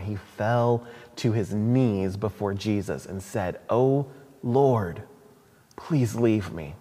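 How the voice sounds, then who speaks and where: A man preaching a sermon in a church hall, conversational, with asides and restarts. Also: mid-range voice. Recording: long hall reverb.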